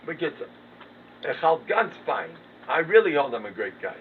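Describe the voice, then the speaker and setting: A rabbi giving a humorous Torah talk, self-mocking and swinging from low mumbled asides to loud emphatic bursts. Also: male voice, big pitch swings, normal speed. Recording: distant, tinny phone-quality recording with background noise.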